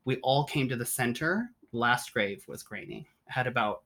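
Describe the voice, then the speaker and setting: A guest on an interview show tells a story with lots of energy and frequent laughter, slipping into the voices of the people they met along the way. The pitch sits in a middle range that is hard to place. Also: normal speed, hardly any pauses. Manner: animated, laughs often, acts out the people in the story. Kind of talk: casual storytelling.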